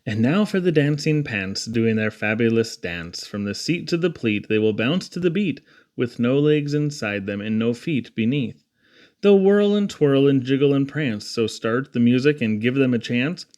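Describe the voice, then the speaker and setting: Lively man reading children's poems. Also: mid-range voice, normal speed. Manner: playful, showman-like rhyming delivery.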